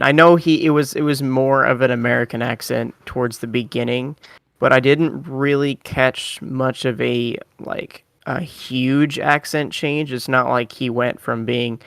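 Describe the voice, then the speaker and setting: A man's voice: medium pitch, creaky, a bit bright, no room sound. A man co-hosting a podcast in casual chat, hesitant and searching for words with many restarts.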